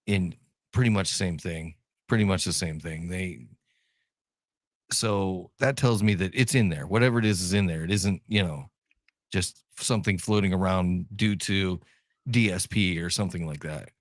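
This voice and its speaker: A man's voice: sits low, moderate pace, no echo, studio quality. A man from Ohio co-hosting a podcast in casual chat, joking, laughing often and repeating his words. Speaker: podcast co-host.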